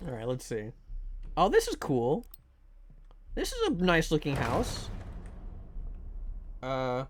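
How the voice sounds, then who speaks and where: In casual gaming commentary on a live stream, a man rambles, cracks jokes and swears while responding to chat. The recording is dry, and his voice is a little high and a little mellow.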